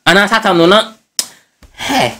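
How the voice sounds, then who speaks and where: High-voiced man in animated gossip commentary. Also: moderate pace. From Ghana. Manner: animated, mixes English phrases into his talk. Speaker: news blogger.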